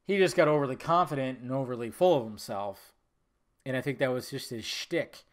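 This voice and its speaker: A man's voice: fairly high pitch, normal speed, fairly bright tone. A man hosting a solo podcast, talking casually and rambling, with profanity and frequent laughter. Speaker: podcast host.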